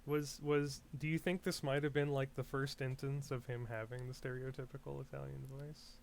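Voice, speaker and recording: A man's voice: medium pitch, flat delivery, moderate pace, creaky. A man co-hosting a podcast in casual chat, given to dry, wry asides. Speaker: podcast co-host.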